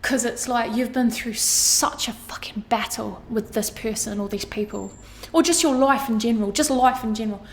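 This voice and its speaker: A woman's voice: on the high side, moderate pace, few pauses, slight background noise. Earnest, emotional woman tarot reader. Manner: earnest, emotional, casually swearing, repeats phrases. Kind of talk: astrology tarot reading monologue.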